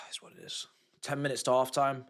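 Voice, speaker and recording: A young man, giving excitable and slangy live commentary as he watches a football match with his stream. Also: medium pitch, moderate pace, creaky. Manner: excitable, slangy, shouting at goals. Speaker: fan streamer.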